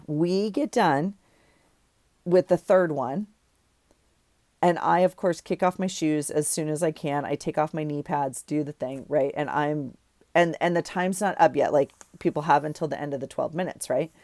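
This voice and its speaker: A woman's voice: deep voice, normal speed, darkish tone, no echo, studio quality. A woman chatting casually to viewers as she journals, telling a rambling story full of fillers and self-corrections and laughing at herself. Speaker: vlogger journaling. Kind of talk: casual chat while journaling.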